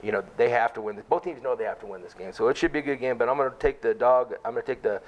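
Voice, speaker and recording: A man's voice: medium pitch, rapid-fire, dull audio. A man on a podcast chatting casually about college football injuries and betting picks, rambling with lots of fillers. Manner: rambling, full of fillers and asides. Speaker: podcast co-host. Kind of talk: casual sports betting chat.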